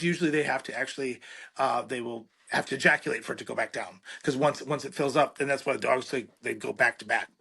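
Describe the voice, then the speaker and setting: A middle-aged man, a veterinarian, telling a comic story in an interview in an animated, self-deprecating way and acting out the dialogue. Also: mid-range voice, gravelly, breathy edge. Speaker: veterinarian, podcast guest.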